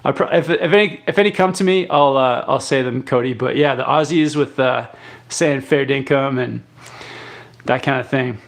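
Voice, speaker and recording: A man's voice: mid-range voice, normal speed, vocal fry. A young man from Canada hosting a live stream, casually reading viewer comments aloud and answering with lots of fillers and restarts. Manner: relaxed, rambling, many fillers and restarts. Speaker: live chat host.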